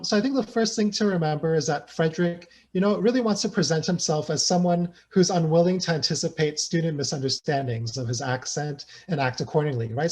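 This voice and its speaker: A man's voice: a little high, a little mellow. A man giving an academic lecture at an online seminar, thinking aloud and often checking in with "right?" and "you know". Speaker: sociolinguistics researcher presenting a talk.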